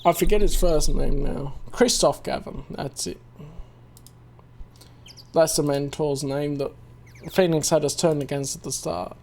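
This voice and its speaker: A man's voice: a little high, steady tone, measured pace, gravelly, long pauses, darkish tone, slight background noise. A man hosting a casual let's play, chatting and reading game text aloud.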